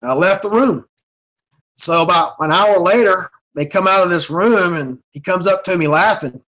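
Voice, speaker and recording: A man in his forties from North Carolina speaks with a fairly high-pitched voice. He tells his story in relaxed, casual chat as an interview guest, stammering and doubling back on words as he gets going. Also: normal speed, rough recording. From North Carolina, USA. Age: 40s. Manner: stammering, repeats words when excited. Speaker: guest, professional wrestler.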